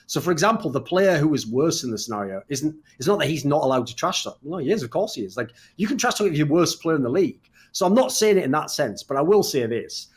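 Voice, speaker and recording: A man's voice: on the high side, big pitch swings, fast talker, few pauses. A man hosting a casual esports podcast, talking emphatically and bluntly, swearing freely as he argues his point. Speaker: podcast host.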